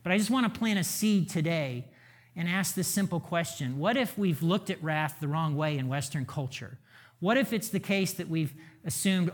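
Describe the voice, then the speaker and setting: A middle-aged man, a pastor and father, preaching a conversational sermon full of rhetorical questions. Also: on the high side.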